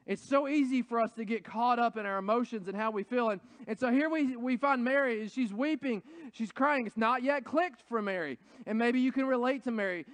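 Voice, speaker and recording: A man's voice: extremely high pitch, a bit bright, no room sound. A man preaching a sermon in an earnest, conversational way, building up to emphatic points. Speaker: pastor.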